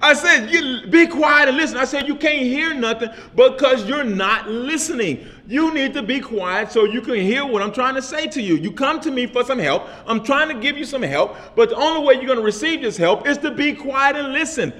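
Casting: male pastor with a high voice, casual vernacular, repetitive call-and-response sermon delivery. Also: animated, moderate pace, few pauses, fairly bright tone. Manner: repetitive call-and-response preaching with frequent "amen?".

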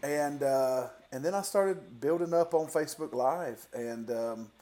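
A man's voice: mid-range voice, measured pace, mellow. A man being interviewed as a guest, talking casually about his worship singing.

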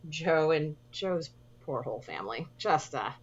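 Animated woman rambling about movies. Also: low voice, unhurried, dull audio, crowd noise. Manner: rambling, many fillers and restarts. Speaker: podcast co-host. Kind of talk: casual movie review chat.

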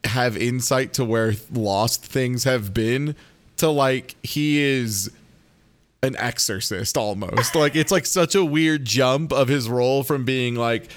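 A man's voice: mid-range voice, slow pace. A man co-hosting a podcast, recapping a TV episode with wry, hesitant asides. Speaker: podcast co-host. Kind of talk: casual chat recapping a TV episode.

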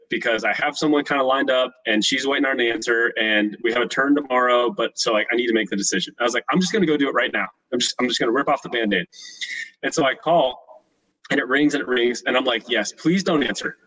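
A young man telling stories as a guest in a casual interview, animated and acting out the voices of people in his stories. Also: medium pitch, quick pace, recorded from a distance, rough recording. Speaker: podcast guest, short-term rental host.

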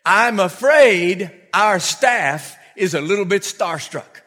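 A pastor voicing an apologetic store manager. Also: male voice, high-pitched, animated, takes it slowly, bright, forceful tone, long reverb tail, full character voice. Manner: apologetic and polite.

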